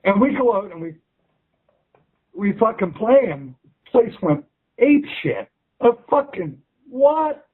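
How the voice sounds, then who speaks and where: A man's voice: high voice, big pitch swings, a little slow, long pauses, breathy edge. A male musician chatting in an interview, restarting sentences and swearing freely. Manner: rambling restarts, frequent swearing. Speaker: musician guest. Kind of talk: casual interview chat. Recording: tinny phone line.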